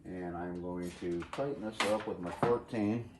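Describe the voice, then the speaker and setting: A man's voice: low voice, normal speed. A man hosting a casual DIY vlog, talking to himself as he works with tools in a cold home garage. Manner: relaxed, talking to himself while working with tools. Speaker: channel host. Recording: roomy garage echo, faint noise.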